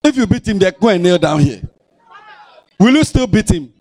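Animated high-voiced Ghanaian pastor. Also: male voice, normal speed. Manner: animated, scolding, playful. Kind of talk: sermon. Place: church.

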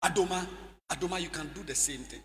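A man preaching a sermon in a church hall, leading call-and-response and slipping into sing-song shouts. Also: high-pitched, quick pace, a little hiss or hum.

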